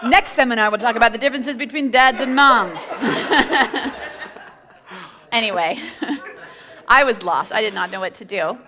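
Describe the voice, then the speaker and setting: Woman pastor, high and sparkling, animated storyteller, recorded in a church hall with a long echo. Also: a little slow, pauses often, crowd noise. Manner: animated, laughing, acts out quotes. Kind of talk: storytelling sermon.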